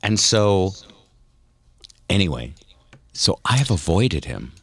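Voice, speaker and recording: Man, podcast host, casual storytelling, lowish voice, dry close sound. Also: takes it slowly, slightly rough, dry recording. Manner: animated storyteller, laughs often. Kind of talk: casual chat.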